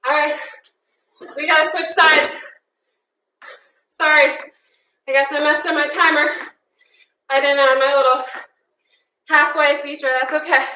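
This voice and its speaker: A woman's voice: high voice, bright, forceful tone, slight background noise. A woman fitness instructor leading a workout class, upbeat and encouraging, counting down and cheering with whoops. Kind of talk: live workout class cueing. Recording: echoey room, voice from a distance.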